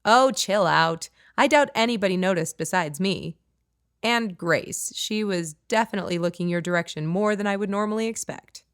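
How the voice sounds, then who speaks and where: A woman's voice: medium pitch, normal speed, fairly bright tone, dry recording, clean studio sound, close to an everyday voice. Nosy teasing gal pal, a woman putting her on, blunt and a bit sarcastic, audiobook. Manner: playful, blunt, lightly sarcastic.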